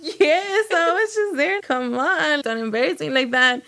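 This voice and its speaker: A young woman from Texas telling a story in casual chat, animated and quoting people, with lots of "like". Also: high-pitched, unhurried. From United States. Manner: animated, lots of "like" and quoted dialogue. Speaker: guest, home baker and business owner.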